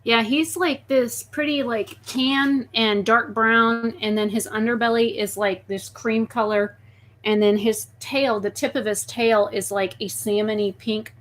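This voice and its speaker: Slow, higher-pitched woman soothing her pet. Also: fairly even intonation, slight background noise. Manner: hushes and soothes a pet snake in soft murmurs; chatty, with filler "like" while describing. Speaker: live streamer. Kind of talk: casual live-stream chat. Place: at home at her desk.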